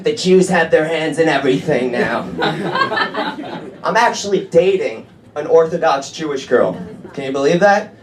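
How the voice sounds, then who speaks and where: A man's voice: on the high side, animated, moderate pace. A man doing a stand-up comedy set, with a brash, profane, punchy delivery. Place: comedy club stage. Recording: echoey comedy club with laughing crowd.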